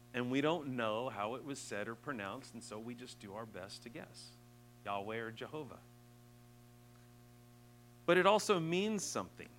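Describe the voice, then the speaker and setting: A man preaching a sermon, earnest, rising to emphatic peaks and dropping soft and slow. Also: mid-range voice, a little hiss or hum, rough recording.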